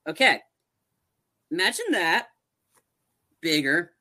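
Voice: mid-range voice, very animated, slow pace, sharp tone. A young adult podcast co-host chatting casually about a movie, rambling with lots of fillers and restarts.

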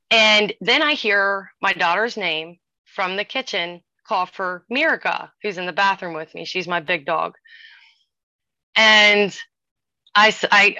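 A woman in her forties casually telling a ghost story, animated and acting out the voices of the people in it. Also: medium pitch, dry recording. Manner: animated, acts out quoted voices. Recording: dull lo-fi sound.

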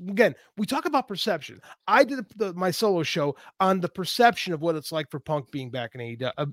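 A man's voice: high-pitched, fairly bright tone, no room sound, studio quality. A man co-hosting a podcast, giving emphatic, ranting opinions in casual talk. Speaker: podcast co-host.

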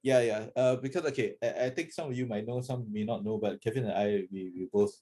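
A Singaporean man hosting a podcast, chatting casually with a halting, restarting delivery. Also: lowish voice, mellow, husky. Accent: Singaporean English. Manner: halting, many restarts and laughs. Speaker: podcast host. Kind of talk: casual chat.

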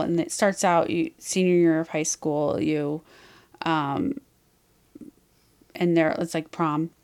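A woman's voice: on the low side, smooth. A woman podcast host in casual chat, retelling a story in a frank, rambling way with many fillers.

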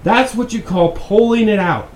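A man's voice: high-pitched, normal speed. A man hosting a podcast, giving profane, exasperated and sarcastic news commentary. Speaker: podcast host. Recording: echoey room with faint background noise.

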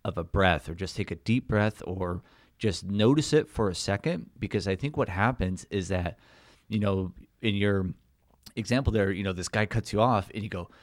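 Male podcast host, encouraging, lowish voice, dry close sound. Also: moderate pace, no room sound. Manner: encouraging, animated when acting out quotes. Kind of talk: casual podcast conversation.

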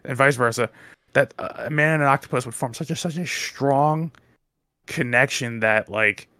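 A man's voice: medium pitch, moderate pace, pushed and bright, no echo, clean studio sound. A young man co-hosting a casual podcast chat, rambling and restarting his sentences often. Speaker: podcast co-host.

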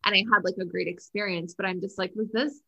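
Bubbly bright-voiced woman host. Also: mid-range voice, fairly even intonation, quick pace, creaky, husky, poor audio. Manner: bubbly, enthusiastic. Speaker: podcast host. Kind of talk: casual chat.

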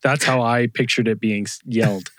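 A man's voice: mid-range voice, normal speed, no echo. A man co-hosting a podcast, chatting casually and cracking jokes. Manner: animated, jokey, breaks into silly voices. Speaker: podcast co-host.

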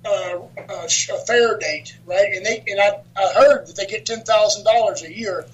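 A man with a notably high voice spins old stories in a loose, chatty way. He laughs through his own punchlines and swears without a second thought. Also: moderate pace, low-quality recording. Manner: animated storyteller, laughs often, swears freely. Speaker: wrestler and author, guest. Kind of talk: casual storytelling interview.

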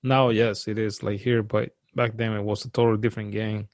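A man who grew up outside the US, earnestly recounting a frightening personal experience as a guest, in a halting way that repeats words and restarts. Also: on the low side, level tone, dry recording. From outside the US, now lives in the US. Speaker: guest telling a personal story.

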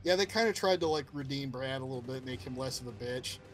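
A man co-hosting a casual podcast chat, excited and profane, laughing often. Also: medium pitch, fast talker, faint music behind. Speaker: podcast co-host.

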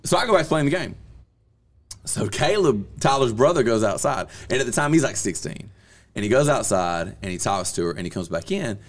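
A man, hosting a podcast and telling a story in a lively, laughing way that bursts into yelling. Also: mid-range voice, a little fast. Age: 30s. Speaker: podcast host. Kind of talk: casual storytelling chat.

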